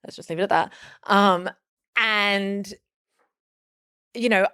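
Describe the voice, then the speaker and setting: A woman's voice: mid-range voice, steady tone, slow, sharp tone, smooth, no room sound, studio quality. A woman as a podcast guest, telling a personal story casually, rambling with many fillers and restarts.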